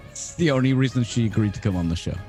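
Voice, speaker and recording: A man's voice: mid-range voice, very animated, a little fast, a little mellow, soft background music. Playful man with a hugely swinging voice. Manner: laughing, playful. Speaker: player. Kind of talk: casual banter during a tabletop game.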